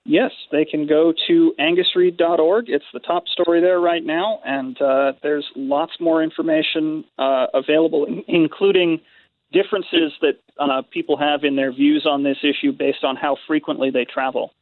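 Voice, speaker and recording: A man interviewed as a polling guest, speaking in a measured, hesitant way with fillers. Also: on the high side, fairly even intonation, no room sound. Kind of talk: radio interview over phone. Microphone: phone. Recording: tinny phone line, dry.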